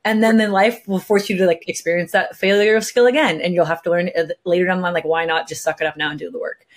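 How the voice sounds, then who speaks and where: A young Californian woman, a professional soccer player appearing as a guest, tells her story in a casual chat. Her voice is on the low side and steady, and she talks quickly, bubbly and full of filler words, acting out quotes.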